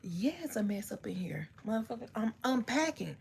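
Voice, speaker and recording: A woman's voice: medium pitch, very animated, fairly quick, vocal fry, a little mellow, a little hiss or hum. A woman in her bedroom telling a personal story to her live chat, ranting and cursing freely as she talks straight to viewers. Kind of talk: casual storytime livestream.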